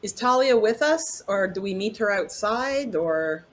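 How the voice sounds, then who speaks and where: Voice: medium pitch, expressive, unhurried, a bit bright. A player at a tabletop game, asking casual questions. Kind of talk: tabletop role-play chat.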